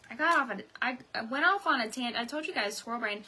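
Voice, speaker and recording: A woman's voice: fairly high pitch, animated, moderate pace, bright, forceful tone, breathy edge. A woman, rambling and chatting directly to viewers in a motivational live stream from home. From North Carolina. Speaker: direct sales team leader.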